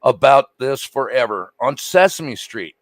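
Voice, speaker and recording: A man's voice: mid-range voice, expressive, measured pace, dry recording. A man joining a live stream, chatting casually and telling a joke. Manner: joking, storytelling.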